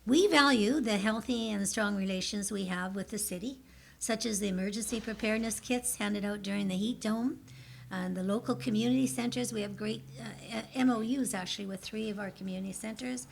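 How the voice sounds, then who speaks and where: A woman's voice: medium pitch, brisk, gravelly, slight background noise. A woman in her seventies giving an emotional, chatty presentation to a city for a seniors group. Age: 70s. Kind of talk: public presentation.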